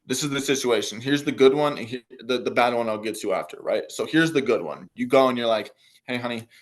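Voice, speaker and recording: A man's voice: mid-range voice, fairly quick. A young man giving a casual, motivational coaching talk on a business call, full of fillers and repetition.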